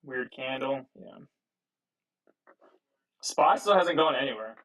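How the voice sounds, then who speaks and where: A man's voice: medium pitch, slow pace, a bit bright. A man hosting a live trading stream, talking casually and loosely with fillers and swearing, picked up on wireless earbuds. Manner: loose, profane, thinking aloud with fillers. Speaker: livestream trading host. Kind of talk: casual live market commentary. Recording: distant, thin earbud mic.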